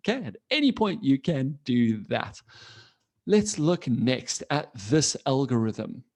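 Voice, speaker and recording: A man teaching an online coding class for children from his computer, playful and animated, constantly asking the kids questions. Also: mid-range voice, takes it slowly. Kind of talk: live online children's lesson.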